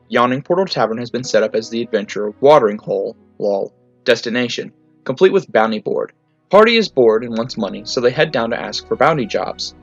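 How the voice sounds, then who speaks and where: A man narrating tabletop game stories in clipped, deadpan sentences at a mid pitch. The recording is slightly dull and muffled, with faint music running underneath. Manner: matter-of-fact, clipped deadpan delivery. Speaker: narrator reading fan stories. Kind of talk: storytelling reading.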